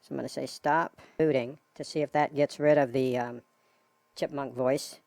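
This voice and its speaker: A man hosting a casual live stream, talking in a relaxed, chatty way to viewers he calls folks. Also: medium pitch, normal speed, gravelly, no room sound. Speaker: host.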